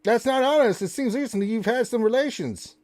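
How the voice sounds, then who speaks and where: A man voices a crude, wisecracking male raven for a tabletop role-play, bossing the party around and begging for crackers. His delivery is very high-pitched, fairly quick and a little mellow, with a sassy mood and a brash, cheeky, bossy manner.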